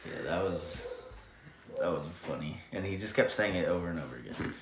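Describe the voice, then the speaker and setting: Deep-voiced dad in an echoey room. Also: male voice, brisk, very noisy. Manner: animated, laughing storyteller. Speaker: guest, a dad. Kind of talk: casual interview chat.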